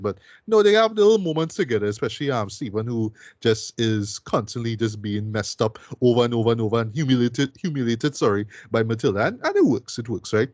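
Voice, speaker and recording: A man's voice: medium pitch, lively intonation, fairly quick, hardly any pauses, darkish tone, no room sound, muffled recording. A man co-hosting a podcast, chatting casually and enthusiastically about a film with lots of fillers and tag questions. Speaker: podcast co-host reviewing a film. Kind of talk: casual film review chat.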